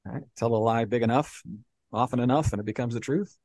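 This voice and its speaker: A man's voice: medium pitch, quick pace, darkish tone, no echo. A man co-hosting a podcast, explaining history at length in casual talk, often dropping "you know" and "right?". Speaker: podcast co-host.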